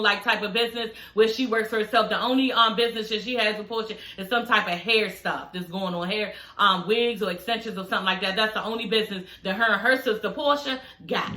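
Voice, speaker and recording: Sassy lady recapping reality tv, high bright voice, cussing a lot, echoey room. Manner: sassy, profane, chatty with "you know" and "y'all". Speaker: reality TV reviewer. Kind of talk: casual recap chat.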